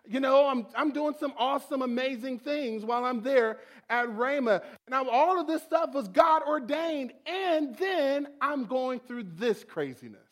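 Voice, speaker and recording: Animated high-voiced man preaching. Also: a little slow, hardly any pauses. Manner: animated storytelling, acting out his own prayers. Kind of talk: sermon testimony.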